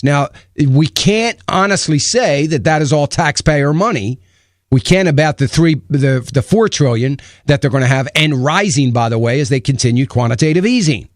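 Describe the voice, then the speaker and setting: A man's voice: on the high side, lively intonation, normal speed, dry recording. A man hosting a radio talk show, giving emphatic, opinionated commentary and asking rhetorical questions into a studio microphone.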